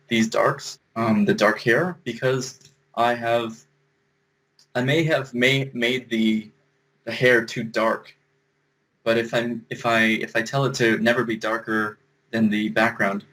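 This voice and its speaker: Over a rough recording, a man with a mid-range, slightly bright voice gives a casual screen-share compositing tutorial. He thinks aloud as he explains each step.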